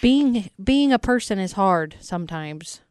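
Chatty self-deprecating woman, smooth and dry. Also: medium pitch, expressive, measured pace, darkish tone, no room sound. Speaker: radio co-host. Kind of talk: casual morning show banter.

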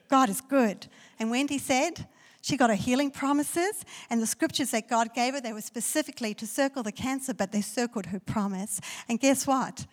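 A woman pastor preaching a story-driven sermon that swells into loud, declaring prayer. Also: on the high side, moderate pace. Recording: long hall reverb.

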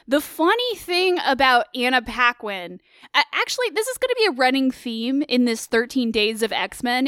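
A woman co-hosting a casual film discussion, animated and opinionated with quick asides. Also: fairly high pitch, smooth, no room sound, studio quality. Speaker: co-host of a film discussion show. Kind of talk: casual film commentary chat.

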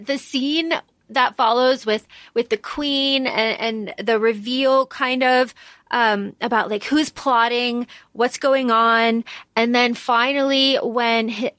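A woman's voice: fairly high pitch, fairly bright tone, no room sound. Chatty woman with a dry close sound. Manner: chatty, lots of "like", swears freely. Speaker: podcast co-host. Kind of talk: casual book discussion.

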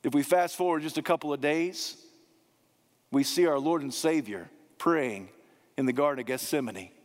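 A man preaching a sermon, emphatic, slowing down to repeat key phrases. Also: fairly high pitch. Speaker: pastor. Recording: long hall reverb.

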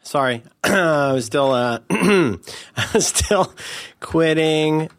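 A man in casual chat, rambling and joking as he narrates what he is doing, talking loud from across the room. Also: fairly high pitch, animated, slow pace. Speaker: podcast co-host. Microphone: headphones, talking loud from across the desk.

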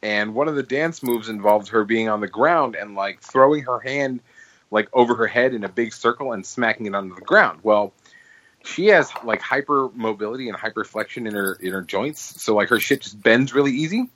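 A young adult man co-hosting a podcast, telling a story in a lively casual chat and swearing freely. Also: mid-range voice, normal speed, poor audio. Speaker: podcast co-host.

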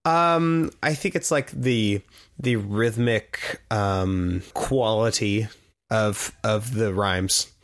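Lower-voiced male co-host, rambling explainer, casual podcast talk. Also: extremely slow. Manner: rambling, thinks aloud, many fillers and restarts, laughs easily. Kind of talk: casual chat reviewing an album.

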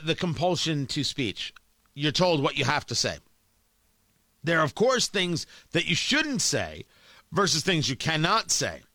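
A man's voice: on the high side, pushed and bright, no echo. A man hosting a talk show, delivering an opinionated, emphatic monologue and often repeating words as he restarts a thought. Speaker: radio talk host.

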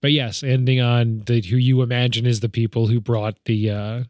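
A man's voice: medium pitch, flat delivery, normal speed, a little mellow, dry recording, studio quality. A man co-hosting a podcast, chatting casually about a movie, rambling and acting out lines with laughs. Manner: rambling, acts out quotes with laughs. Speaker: podcast co-host. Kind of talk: casual film discussion.

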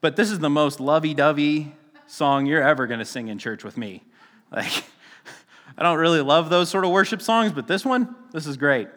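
A man's voice: on the high side, lively intonation, moderate pace, fairly bright tone. A man preaching a casual sermon as a pastor, chatty and joking, often restarting his sentences and laughing at himself. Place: church sanctuary. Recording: long reverb of a church hall.

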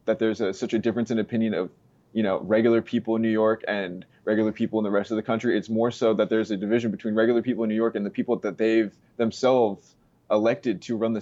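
Low-voiced man, halting and dull-sounding. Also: warm tone. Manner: halting, many fillers and "you know". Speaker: street interviewer guest. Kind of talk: casual political chat.

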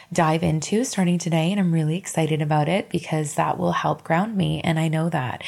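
Low gravelly woman podcasting from bed. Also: darkish tone. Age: 30s. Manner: candid, emotional, encouraging, swears casually. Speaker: podcast host. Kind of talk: casual solo podcast monologue. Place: in bed at home.

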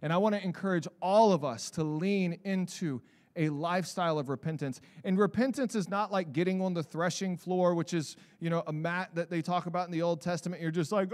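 A man preaching a sermon as pastor of his church, animated, building to shouts and putting on mock voices for examples. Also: high-pitched, brisk, big-room sound. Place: church sanctuary.

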